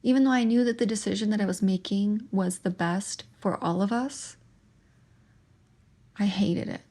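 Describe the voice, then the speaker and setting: Young woman, gravelly voice, halting emotional monologue. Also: mid-range voice, warm tone. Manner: emotional, halting, with restarts and pauses. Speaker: podcast host sharing her testimony. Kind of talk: personal testimony monologue.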